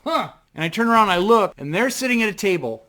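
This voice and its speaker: A man with a bright, forceful voice sitting pitched a touch high for a guy. He rambles through his story with plenty of fillers and casual swearing, excited and loose, talking to camera from his desk at home. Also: racing. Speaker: vlogger. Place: home desk in front of a computer.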